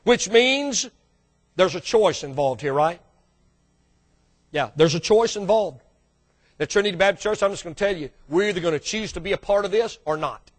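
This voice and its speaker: A man preaching a sermon as the church's pastor, swinging from loud bursts to hushed asides and calling out to the congregation. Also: sits high, animated, moderate pace, long pauses. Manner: calls out to the congregation for response.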